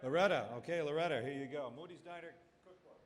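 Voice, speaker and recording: A middle-aged man with a highish voice emcees a family reunion, handing out awards and chatting, joking, and quizzing the crowd at a quick clip. The background is noisy, and a long hall reverb hangs on everything.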